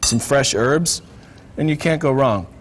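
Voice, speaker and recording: A man in his thirties with an American accent, a chef explaining a dish on a TV cooking segment in a relaxed, rambling, joking way. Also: mid-range voice, a little slow, a little hiss or hum. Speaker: chef guest. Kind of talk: cooking demonstration chat. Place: TV studio kitchen.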